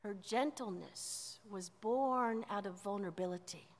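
A woman pastor preaching a sermon in a measured way, often letting line endings drop softly. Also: medium pitch. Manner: slow, measured preaching with soft dropped endings. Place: church sanctuary. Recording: church sanctuary with long reverb.

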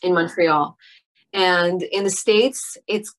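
A middle-aged woman with a slightly low voice speaks thoughtfully in a casual interview. She often hesitates, leans on fillers and starts her sentences over. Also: fairly even intonation, takes it slowly. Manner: reflective, hesitant with many fillers and restarts. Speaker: actress guest.

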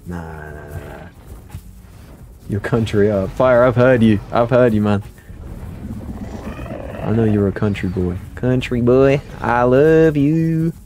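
A man's voice: fairly low pitch, unhurried, long pauses, a little mellow, slight background noise. A young man chatting playfully through a gaming livestream and answering his viewers' chat aloud. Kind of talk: casual livestream commentary.

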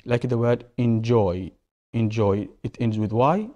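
A man's voice: medium pitch, measured pace, mellow, muffled recording. A male English teacher, explaining grammar rules to a class, repeating key words and asking questions.

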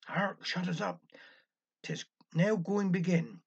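A man's voice: sits high, very animated, takes it slowly, breathy edge, full character voice. A man with a Cornish accent voicing a chatty, grumbling old village woman in a concert audience. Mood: gossipy. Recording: dull lo-fi recording.

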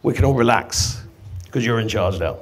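A man's voice: mid-range voice, expressive, normal speed, husky. A man giving a casual, rambling live talk to an audience, swearing freely and acting out conversations. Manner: rambling, swearing, acts out quoted exchanges. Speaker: guest speaker. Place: event venue before a live audience.

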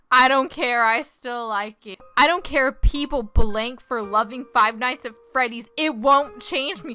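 A young woman with a high, bright and smooth voice gives casual game commentary. She is playful and laughs often as she reads other players' text aloud. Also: no room sound, clean studio sound. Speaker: gaming video host.

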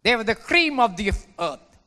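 A man preaching a sermon as a pastor, swinging between hushed lines and shouted ones. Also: high voice, sing-song, normal speed. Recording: long hall reverb.

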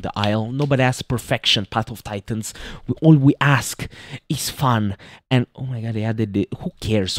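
A man in the middle of his range narrates a game he adores, gasping, laughing and gushing as he plays. His voice swings from loud bursts to near-whispers. The sound is dry and close, with no room around it. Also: medium pitch, dry recording. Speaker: gaming youtuber. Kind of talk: excited let's-play commentary.

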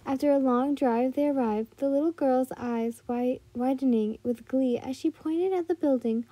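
A woman's voice: sits high, measured pace, mellow, no room sound. A woman narrating a fan story in a casual read, with frequent slips and restarts. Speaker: fanfiction reader.

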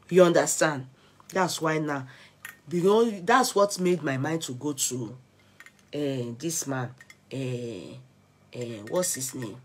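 A young Nigerian woman with an accent, excitedly recounting gossip on her vlog and switching between Pidgin and Yoruba. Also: low voice, husky. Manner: excitable, mixing Pidgin and Yoruba, laughing asides. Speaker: gossip vlogger. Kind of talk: animated gossip commentary.

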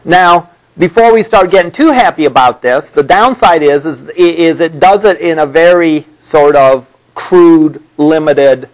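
A man's voice: a little high, unhurried, rough recording. A male college instructor giving a classroom lecture, rambling with many restarts and repeated words.

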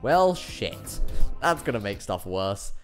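A man's voice: fairly low pitch, very animated, slow pace, soft background music. A British man streaming a game live, chatting casually, laughing often and reading chat messages aloud.

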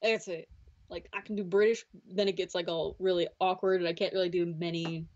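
A woman's voice: lowish voice, fairly even intonation, fairly quick, a little mellow. A woman from Scotland in casual, giggly, teasing chat with a friend. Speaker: co-host and friend. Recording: slightly muffled audio.

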